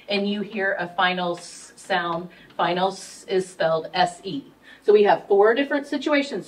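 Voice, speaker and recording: A woman giving a one-on-one structured reading lesson, patiently prompting her student step by step. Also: medium pitch. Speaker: reading tutor. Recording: faint room noise, mic at a distance.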